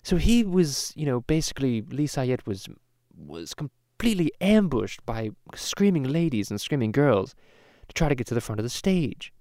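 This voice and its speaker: A man's voice: medium pitch, big pitch swings, normal speed, a little mellow, no echo, clean studio sound, close to an everyday voice. A man playing a crude cartoon baby boy in a parody podcast, rambling through stories with lots of swearing and restarts. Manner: rambling storyteller, swears a lot, many restarts. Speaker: podcast host. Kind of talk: casual parody podcast chat.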